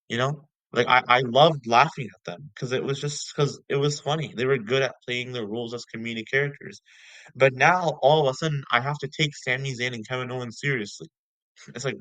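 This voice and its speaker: A young man ranting casually as a vlogger, repeating himself and filling every pause with "like" and "you know". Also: medium pitch, fairly bright tone, no room sound, rough recording. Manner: ranting, heavy filler words, repeats himself. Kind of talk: casual rant.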